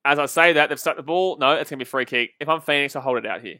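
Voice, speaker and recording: A young man casually commenting on a football match live and answering viewer comments, chatty and quick to laugh. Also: a little high, bright, forceful tone, no echo, clean studio sound. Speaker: livestream football watch-along host.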